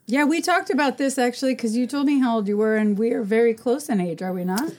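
Woman, forties, podcast guest; playful and teasing, a touch higher-pitched, laughs a lot. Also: quick pace. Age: 40s. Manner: laughs often, teasing and animated. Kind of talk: casual chat.

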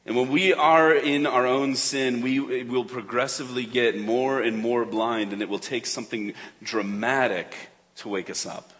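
A man's voice: medium pitch, fairly even intonation, a little slow, few pauses. Man preaching with hall reverb. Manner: earnest, rises and falls between urgent and hushed. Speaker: pastor. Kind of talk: sermon. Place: church sanctuary. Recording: long reverb of a church hall.

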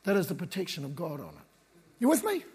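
High husky-voiced preacher in a reverberant hall. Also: male voice, quick pace. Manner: relaxed, slangy, conversational preaching. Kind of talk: casual sermon. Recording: long reverb of a large hall.

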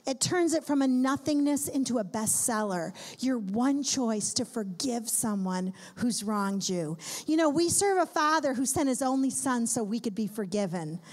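High-voiced woman preaching emphatically. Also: lively intonation, normal speed, hardly any pauses, darkish tone. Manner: emphatic, repetitive lists, talks to the audience. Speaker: conference speaker. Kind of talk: sermon. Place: conference hall before a live audience.

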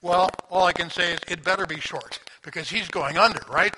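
A man preaching a sermon in a conversational, animated storytelling manner, asking the listeners questions. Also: on the high side, a little fast. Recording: audible background noise.

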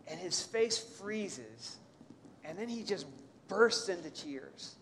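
A man's voice: animated, slow pace. Male pastor preaching in a reverberant hall. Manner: conversational preaching, rhetorical questions to the congregation; storytelling, swings between soft reflective lows and lifted, emphatic highs. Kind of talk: sermon. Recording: long hall reverb, faint room noise.

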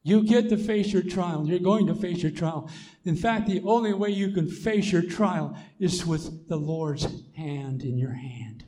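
A man preaching a sermon, emphatic and repetitive, swelling to loud declarations and dropping to soft asides. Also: sits high, measured pace.

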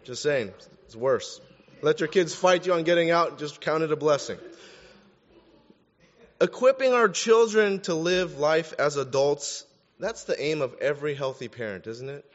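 A man gives a sermon in a loose, conversational way, tossing in jokes as he goes. His voice sits a little high for a man. The sound is slightly muffled and trails off in the long reverb of a large hall. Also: moderate pace. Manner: conversational, joking asides. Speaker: pastor.

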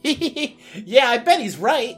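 A woman's voice: fairly high pitch, sing-song, slow pace, soft background music, voice pushed up. A woman voicing a cheerful, friendly young girl who explains things kindly.

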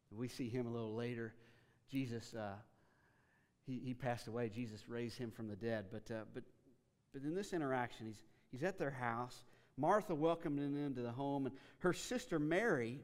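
A man preaching a sermon as a pastor, telling the story in a casual, animated way with frequent restarts. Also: mid-range voice, in a large hall.

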